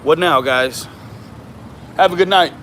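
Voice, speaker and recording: A man chatting casually on a live stream while walking, speaking slowly with many pauses and fillers. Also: a little high, fairly bright tone. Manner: slow and rambling, many ums. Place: outdoors and in a store. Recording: noisy street with traffic.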